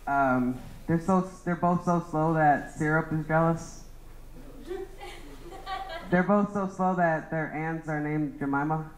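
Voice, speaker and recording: A man's voice: on the high side, takes it slowly, roomy sound, a little hiss or hum, rough recording. A young man doing a rambling stand-up roast of his friends, laughing at his own jokes. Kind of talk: open-mic roast set.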